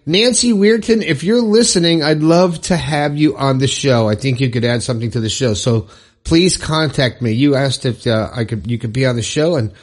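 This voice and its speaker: A man's voice: medium pitch, normal speed. A man hosting his own podcast alone, talking in an encouraging, chatty way with casual fillers and restarts. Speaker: podcast host. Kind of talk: upbeat solo podcast monologue.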